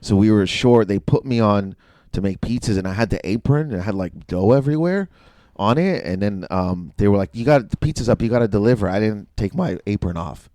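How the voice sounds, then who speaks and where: A man's voice: fairly low pitch, expressive, fairly quick, a little mellow, no echo. A man in his forties from Windsor, Canada, a podcast guest telling a story in casual chat and acting out other people's lines.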